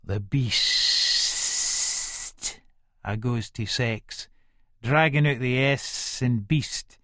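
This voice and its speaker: A man's voice: mid-range voice, slow, fairly bright tone, dry recording, clean studio sound. A man with a Scottish accent playing a violent, menacing middle-aged hard man, narrating an audiobook in the first person with coarse, swearing speech.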